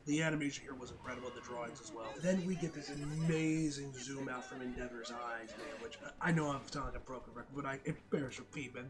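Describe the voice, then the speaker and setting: A young man casually recapping and reviewing an anime episode, excitable, swearing and tacking "man" onto most sentences. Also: mid-range voice.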